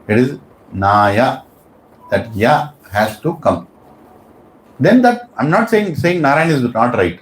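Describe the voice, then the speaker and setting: Guy giving a class, pushy questions, lots of pitch swing, roomy echo. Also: very animated, measured pace. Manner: quizzing the class with questions, emphatic. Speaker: spiritual teacher. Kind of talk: teaching a class to devotees. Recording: echoey room.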